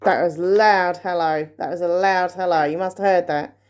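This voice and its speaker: A woman vlogging a paranormal session at home, talking quietly and nervously as she calls out questions to spirits. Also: lowish voice, fairly even intonation, normal speed. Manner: hushed, nervous, asking questions into the dark. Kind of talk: ghost-hunting session vlog.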